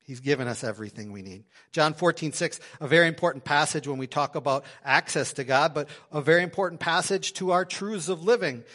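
A man preaching a sermon to his congregation in a church, swinging between loud emphasis and quiet asides. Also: a little high, brisk, hardly any pauses. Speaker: pastor. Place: church sanctuary.

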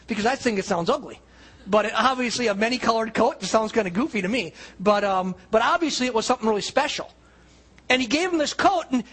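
Husky high-voiced male preacher. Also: fairly bright tone, rough recording. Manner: casual retelling with quoted voices, many restarts. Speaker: pastor. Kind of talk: sermon storytelling.

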